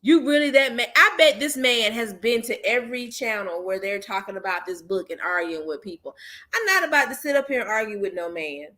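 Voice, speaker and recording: A woman hosting an online book club, chatting casually and directly to her viewers, animated and often laughing in exasperation. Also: a little high, a little fast. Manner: talks straight to viewers. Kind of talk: casual chat.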